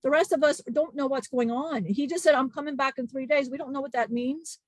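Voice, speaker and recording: A woman's voice: high-pitched, no room sound, natural voice. A woman channeling a grieving ancient male disciple. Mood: solemn. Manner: halting, emotional storytelling with many restarts. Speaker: spirit channeler. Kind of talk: channeled spirit testimony.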